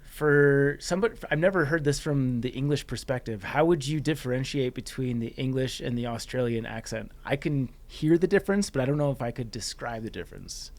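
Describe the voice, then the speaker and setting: A man's voice: mid-range voice, animated, a little fast, hardly any pauses. A man hosting a podcast keeps the chat light and joking. He asks his guest questions in a casual, friendly way. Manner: upbeat, joking. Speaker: podcast host.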